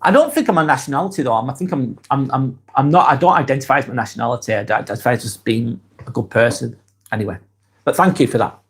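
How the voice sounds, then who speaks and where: A tired-sounding man from Lancashire, England, with a husky mid-range voice hosts a live vlog, reading viewers' comments aloud. He replies warmly in a relaxed, chatty, unhurried way, with lots of ums and restarts.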